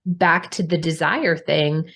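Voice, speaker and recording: Woman host, candid and expressive, lower-pitched, casual swearing. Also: takes it slowly, gravelly, slightly rough. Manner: frank and expressive, swears casually, addresses listeners directly. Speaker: podcast host. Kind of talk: candid conversational podcast talk.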